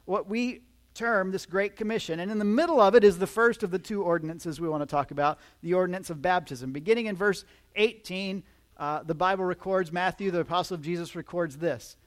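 A male pastor delivers a teaching sermon before a live congregation. His voice sits notably high for a man, and he explains with lively energy, dropping playful asides to the people listening. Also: brisk.

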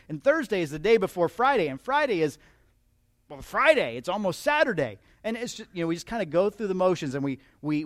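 A man's voice: fairly high pitch, no echo. A man preaching a conversational sermon, chatty and humorous, often asking his listeners questions. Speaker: pastor.

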